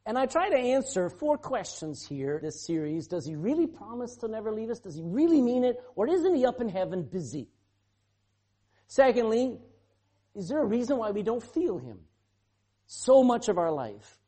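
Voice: medium pitch, sing-song, normal speed, mellow. A pastor preaching a sermon, asking the congregation rhetorical questions and acting out quoted speech.

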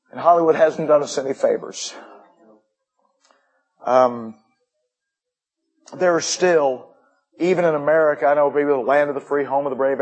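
A man's voice: fairly high pitch, rough recording. A middle-aged man giving a missionary report to a church, folksy, with joking asides. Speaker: missionary preacher.

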